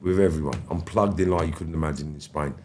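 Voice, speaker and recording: A London man in his fifties, a podcast guest telling stories in animated, slangy street talk and swearing freely. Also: a bass voice, quick pace, a little hiss or hum. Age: 50s. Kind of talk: storytelling interview.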